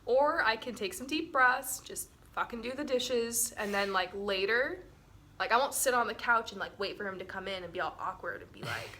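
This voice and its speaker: A woman with a sharp-toned, mid-range voice and lively intonation speaks at a moderate pace. She's co-hosting a relationship webinar, chatting casually with her partner, laughing frequently and using lots of "like" and "um".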